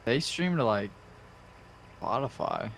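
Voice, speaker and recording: Male co-host, mid pitch, short easy remarks, faint hiss. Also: expressive, slow, a bit bright. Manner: brief replies, laughs along. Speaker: stream co-host. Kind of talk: casual chat.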